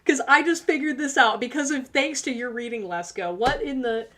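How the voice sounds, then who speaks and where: This livestream host reads tarot and keeps things casual and cheeky with her viewers, laughing often and speaking to them directly. She has a high-pitched, fairly bright voice at a moderate pace.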